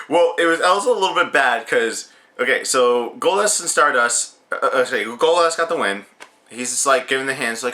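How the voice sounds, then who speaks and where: Young man, rambling casual review, lively swinging pitch, bright edgy tone. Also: brisk. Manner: rambling, joking, swearing. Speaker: wrestling show reviewer.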